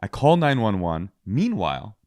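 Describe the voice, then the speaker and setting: With a lowish voice at a moderate pace, a comedy podcast co-host spins a story during casual conversation. He is animated and performs the quotes out loud.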